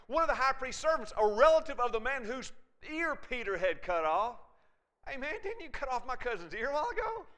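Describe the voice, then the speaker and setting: A male preacher delivers a sermon in a high, bright voice that swings widely in pitch. He retells the story with animation and keeps turning to his listeners for agreement. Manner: conversational, often checks in with listeners.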